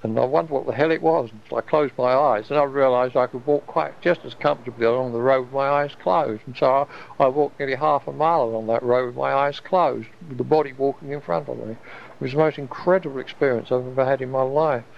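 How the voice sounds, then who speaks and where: A man's voice: mid-range voice, fast, creaky. A man, telling a personal story in a rambling, wondering way, often restarting his sentences. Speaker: storyteller recalling an experience. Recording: dull lo-fi recording.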